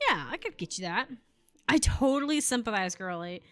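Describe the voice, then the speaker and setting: A woman's voice: fairly high pitch, lively intonation, normal speed, fairly bright tone, no echo. A young woman gaming streamer telling a story in casual chat, giggly and chatty. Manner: giggly, chatty, lots of laughing and voiced quotes. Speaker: game streamer. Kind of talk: casual storytelling while playing.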